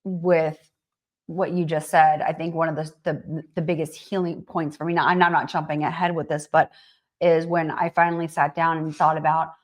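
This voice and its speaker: Middle-aged female co-host, deep for a woman, earnest, reflective delivery. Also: level tone, normal speed. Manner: earnest, reflective, frequent affirmations. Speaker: podcast co-host. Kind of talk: personal conversation.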